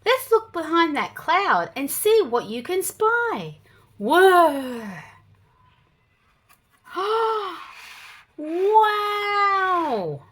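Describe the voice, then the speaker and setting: A very high-pitched woman with an Australian accent reads children's picture books aloud at a slow pace, with hardly any pauses and a faint hiss or hum in the background. She's an animated storyteller for kids, gasping and adding playful sound effects.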